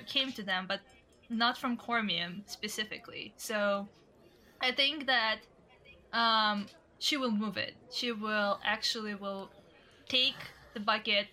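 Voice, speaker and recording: A woman with a clear, bright, fairly high voice describes her character's moves in a tabletop game. She talks thoughtfully, pausing and filling gaps as she decides. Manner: thoughtful, with fillers and pauses.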